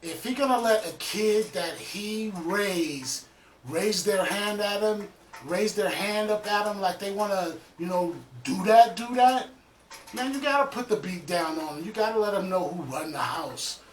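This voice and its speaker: A man's voice: sits high, unhurried, a little hiss or hum. A man hosting a reaction video, giving laid-back, slangy commentary. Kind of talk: casual chat. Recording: echoey room, distant mic.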